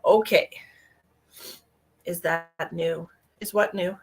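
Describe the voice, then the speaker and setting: A woman's voice: lowish voice, steady tone, slow, gravelly, slightly rough. A woman, a psychic medium, chatting casually on her live stream, greeting viewers by name and rambling through small talk.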